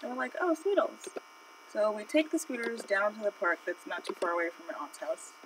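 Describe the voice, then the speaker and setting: While drawing on stream, an art streamer tells a personal story in a rambling, chatty way packed with fillers. Her medium-pitched voice moves quickly, and she sounds far from the mic with noise in the background.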